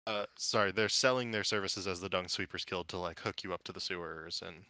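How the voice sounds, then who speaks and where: A man's voice: low-pitched, steady tone, brisk, bright, forceful tone, no room sound. A man narrating as game master in a casual, loose way, with many fillers.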